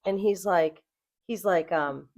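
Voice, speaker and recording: Casual female co-host, middle-aged, animated storyteller, plays out the voices. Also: on the low side, takes it slowly. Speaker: podcast co-host.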